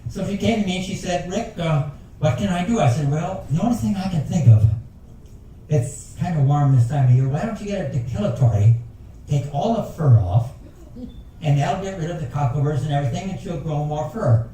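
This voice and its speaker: Older man, rambling folksy joke teller, mellow dark voice, roomy far-off recording. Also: on the high side, animated, a little fast, slight background noise. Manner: folksy storyteller with rambling asides. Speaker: talent show joke teller. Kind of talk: stand-up joke telling. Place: ship's lounge at a passenger talent show. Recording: echoey room taped from far off.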